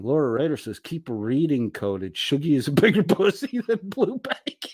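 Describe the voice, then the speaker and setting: A man's voice: fairly high pitch, big pitch swings, normal speed, hardly any pauses, a little mellow, husky, no room sound. Male streamer, casual chat reader, crude and laughing, dry close-mic sound. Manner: crude, laughing, reads viewer comments aloud. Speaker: livestream host reading chat. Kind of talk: casual livestream chat reading.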